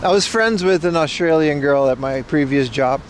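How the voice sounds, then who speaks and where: Brief: young male street streamer, raised pitch, bro-ish profane banter, light traffic noise. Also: moderate pace. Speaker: livestream host. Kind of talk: casual live-stream chat. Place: outdoors on a city street. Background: faint street and traffic noise.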